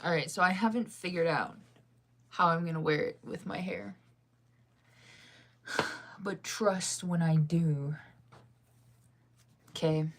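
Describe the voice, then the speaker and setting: A young woman vlogging at home in a low-ish voice, chatting casually to her viewers. She rambles and second-guesses herself, talking in loose, looping thoughts with frequent laughs. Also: slow pace, pauses often. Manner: rambling, indecisive, laughing often.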